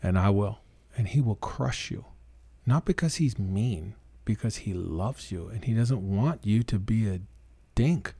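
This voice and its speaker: A man's voice: lowish voice, lively intonation, measured pace, warm tone, slightly rough, dry recording. A middle-aged Canadian man and preacher, telling his story earnestly and emphatically in a casual interview, sometimes quoting others. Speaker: guest, preacher.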